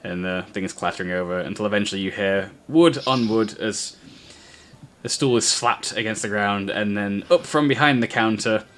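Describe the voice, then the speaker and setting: Halting, easygoing male game master. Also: fairly low pitch, a little hiss or hum. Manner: relaxed, halting narration with many fillers. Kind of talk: narrating a tabletop game.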